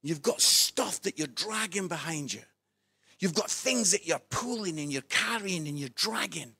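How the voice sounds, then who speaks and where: A man preaching a sermon, telling a funny story in an animated, playful way and laughing at his own jokes. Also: sits high, moderate pace, gravelly, slightly rough.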